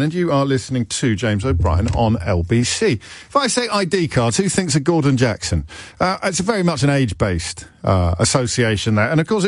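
A man's voice: on the high side, no echo, clean studio sound. A man hosting a radio phone-in, talking in a chatty, wry way with self-amused asides. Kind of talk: talk radio monologue.

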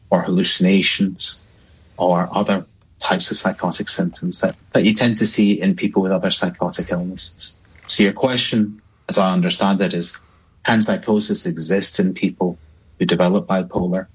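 Husky deep-voiced male psychiatrist guest. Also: dull audio. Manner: calm, explanatory. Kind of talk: explanatory interview answers.

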